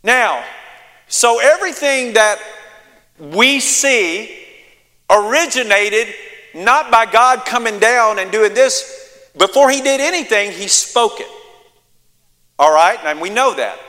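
Man, pastor, sermon, emphatic call-and-response, high bright voice. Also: animated, takes it slowly, long pauses, in a large hall.

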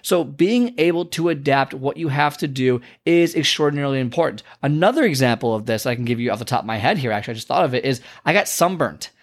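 A man's voice: mid-range voice, expressive, fast, hardly any pauses. A young man casually telling a rambling story in a vlog, with many fillers and restarts. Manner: rambling, chatty, lots of fillers. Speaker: vlogger and motivational speaker.

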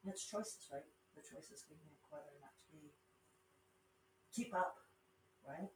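A woman's voice: sits low, measured pace, a little hiss or hum. A middle-aged woman with a Rocky Mountain accent hosting a podcast, talking in a casual, rambling way with wry asides. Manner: chatty, digressive, wry asides. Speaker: podcast host and self-published author. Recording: roomy sound from a distance with faint ambience.

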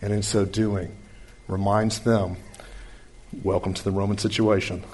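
A man giving a conversational sermon-style Bible lesson, folksy and animated, who swings between brisk asides and slow, quiet emphasis. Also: fairly low pitch, slight background noise. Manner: folksy, animated, uses homespun comparisons. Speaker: Bible teacher.

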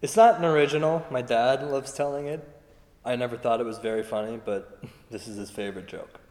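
A male stand-up comedian who chuckles through his set in a relaxed delivery, on a comedy stage. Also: mid-range voice, a little fast. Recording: echoey hall with faint ambience.

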